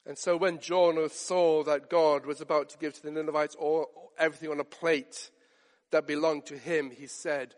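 A man with a high voice delivers a sermon, earnest and steadily building to pointed rhetorical questions. His words ring out with a long reverb trailing behind them, as in a large hall. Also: flat delivery, moderate pace. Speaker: preacher.

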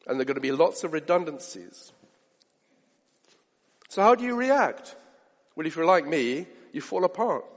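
A man preaching a sermon in an animated way, acting out the voices of people he quotes. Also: high-pitched, normal speed, long pauses. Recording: long hall reverb.

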